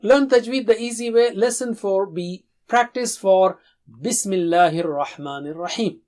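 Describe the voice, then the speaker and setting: A Quran recitation teacher giving a slow, deliberate lesson, drawing out each syllable and pausing for learners to repeat, with calm explanations between drills. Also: mid-range voice.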